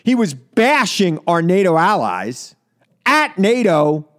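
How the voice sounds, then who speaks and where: A man's voice: high voice, very animated, slow, a bit bright. A man hosting a political talk radio show, delivering an indignant, emphatic monologue with lots of repetition. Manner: indignant, emphatic, repeats for effect.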